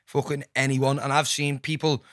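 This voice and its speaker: A man's voice: medium pitch, little pitch movement, normal speed, a bit bright, dry recording, clean studio sound. A young man with a Liverpool Scouse accent, a podcast guest rambling in sweary casual chat, full of "lad" and "you know what I mean". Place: podcast studio.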